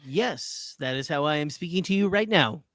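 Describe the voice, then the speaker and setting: A man's voice: on the high side, expressive, moderate pace, fairly bright tone. A man playing a polite, earnest droid in a tabletop role-play game. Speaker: player voicing a droid.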